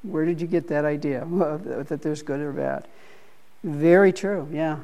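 A man's voice: fairly high pitch, a little slow, warm tone. A middle-aged man leading a Bible study group, talking through ideas with many restarts and repeated words. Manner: hesitant, repeats words, thinks aloud.

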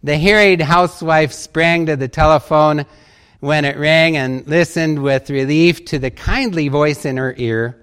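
A man's voice: on the high side, steady tone, unhurried, a bit bright, clear, resonant tone. Man preaching with light humor. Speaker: pastor. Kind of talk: sermon.

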